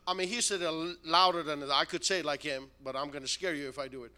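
A man preaching a storytelling sermon, animated, with broken-English phrasing and frequent chuckles. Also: sits high, fast, few pauses.

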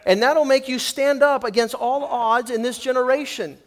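A middle-aged man preaching a sermon with animated, quick bursts and repeated words. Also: very high-pitched.

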